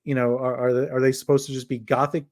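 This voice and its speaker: A man's voice: medium pitch, little pitch movement, quick pace, a little mellow, dry recording, studio quality. A man co-hosting a casual wrestling podcast, rambling with many restarts and hesitations. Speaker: podcast co-host.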